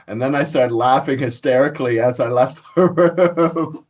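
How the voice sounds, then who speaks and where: This man's voice is mid-range and moves at normal speed. He's a channel host from Canada who brags and swears his way through stories for his viewers, laughing frequently in a loose rant.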